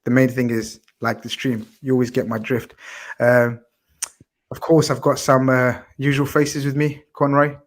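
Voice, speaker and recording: A man's voice: medium pitch, little pitch movement, moderate pace. A man hosting a casual football chat show, chatty and teasing his guests. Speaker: podcast host.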